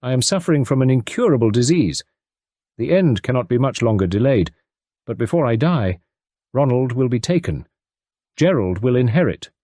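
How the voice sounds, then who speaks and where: A man voicing a stooped, fatalistic older gentleman who speaks gravely and with resignation. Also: mid-range voice, sing-song, normal speed, no echo. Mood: resigned.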